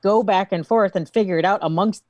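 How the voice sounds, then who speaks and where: A woman's voice: mid-range voice, fairly quick, a little mellow, no room sound. A woman co-hosting a podcast, adding skeptical remarks to the conversation. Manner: skeptical interjections. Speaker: podcast co-host. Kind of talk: casual chat.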